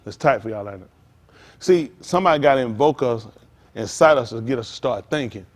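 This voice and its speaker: A man's voice: mid-range voice, animated, a little fast. A man preaching a sermon as pastor, with call-outs to listeners and acted-out asides.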